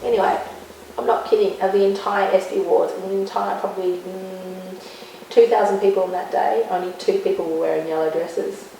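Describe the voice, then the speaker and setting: Animated Australian woman guest with a gravelly tone, recorded far off in a roomy space. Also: mid-range voice, normal speed, slight background noise. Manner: lively, laughing anecdotes. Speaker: guest, sports broadcaster. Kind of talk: animated storytelling. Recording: echoey room, voice from far off.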